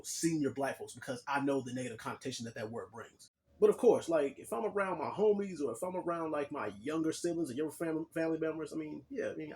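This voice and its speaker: A man's voice: a little high, a little mellow. Laid-back young man chatting to viewers. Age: young adult. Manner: laid-back and chatty, full of "like" and "you know"; addresses viewers directly. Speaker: vlogger. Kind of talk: casual storytelling monologue.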